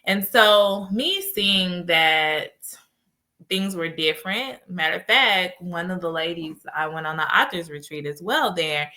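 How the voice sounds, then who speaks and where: Bright-voiced woman podcast host. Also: mid-range voice. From United States. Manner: animated storytelling with laughs. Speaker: podcast host and life coach. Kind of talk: casual solo podcast talk.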